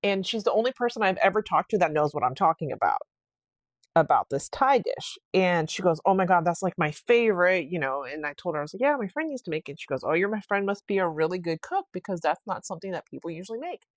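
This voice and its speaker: A young woman hosting a casual solo podcast, telling a story in a rambling, animated way with many fillers and restarts. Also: fairly low pitch, quick pace, dry recording. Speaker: podcast host.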